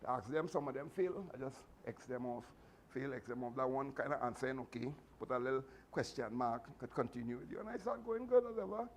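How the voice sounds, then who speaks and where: A man with a Trinidadian accent, telling animated, chatty stories to a martial arts class with laughing asides. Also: mid-range voice, a little fast, slight background noise. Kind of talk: storytelling speech to a class.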